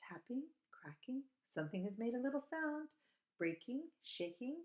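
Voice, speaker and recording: A woman teaching at an outdoor school, reading a bird picture book aloud and chatting about the birds, breaking into high bird calls and hushed whispers. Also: very animated, normal speed. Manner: shifts to hushed whisper for quiet parts.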